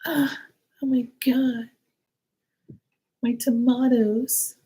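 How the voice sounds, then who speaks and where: A man mimicking a fussy, whining woman who frets over her tomatoes, in a shrill put-on voice. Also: level tone, drawn-out words, dark tone, a little hiss or hum, full character voice.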